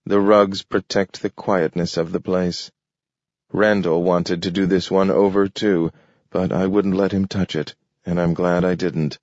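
A man in his fifties reading the lines of a measured, reflective scholar nearing sixty in a story, in a dull lo-fi recording. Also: deep voice, level tone, a little mellow, dry recording. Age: 50s. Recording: dull lo-fi audio.

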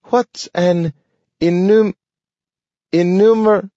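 A man's voice: sits high, steady tone, warm tone, dry recording, voice pushed up. A man voicing a cheerful, eager talking dog who pronounces words carefully, in an audiobook reading. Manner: careful, halting pronunciation of words. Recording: dull lo-fi recording.

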